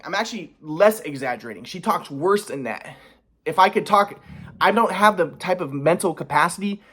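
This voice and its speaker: A man's voice: high-pitched, animated, a little fast, fairly bright tone, husky. A young man in a casual confessional vlog, rambling and agitated, swearing often with many restarts. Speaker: vlogger.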